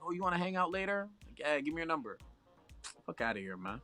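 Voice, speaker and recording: A man's voice: fairly high pitch, big pitch swings, quick pace, sharp tone, soft background music. A young Canadian man telling a long story in a casual chat, profane and full of slang.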